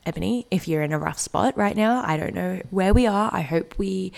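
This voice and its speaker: Gravelly-voiced woman in her twenties. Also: mid-range voice, normal speed, a little mellow. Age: 20s. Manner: earnest, heartfelt and self-reassuring. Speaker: podcast host. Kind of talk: solo reflective podcast monologue.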